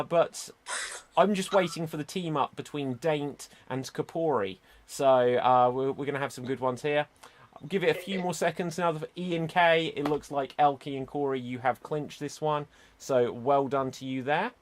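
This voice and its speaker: A man with a medium-pitched voice runs an online improv show over a video call. He announces the rounds and votes briskly and upbeat.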